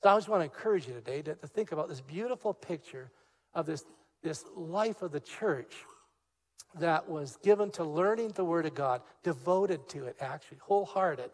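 An older man delivers a sermon as a pastor. His voice sits a little high for a man. He tells stories with animation, acting out the dialogue, and then moves into teaching. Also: normal speed, long reverb tail. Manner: animated storyteller, acts out quoted dialogue. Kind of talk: sermon with personal storytelling.

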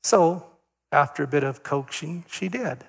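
Older man, pastor, sermon, chatty with ums, slightly high voice, long hall echo. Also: a little slow, vocal fry, husky. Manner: conversational, anecdotal, with fillers.

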